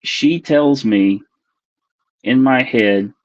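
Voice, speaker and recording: A man in his forties tells his story earnestly, stopping and restarting as he hunts for the right words. His voice sits at a middling pitch. The recording is dull, lo-fi and dry, with no room sound. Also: dry recording. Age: 40s. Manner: earnest, halting, searching for words. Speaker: podcast guest. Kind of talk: recounting a personal experience.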